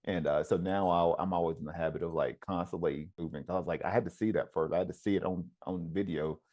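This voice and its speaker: A man's voice: low voice, steady tone, fast, a little mellow. A man who coaches wrestling, talking in an easygoing, casual conversation with frequent ums and uhs. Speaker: wrestling coach and podcast host.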